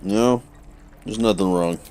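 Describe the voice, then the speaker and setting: Deep voiced guy playing a game, cussing and talking back at characters, faint music. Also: slow. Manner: joking, crude, talks back to characters. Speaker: streamer. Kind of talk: casual gameplay commentary.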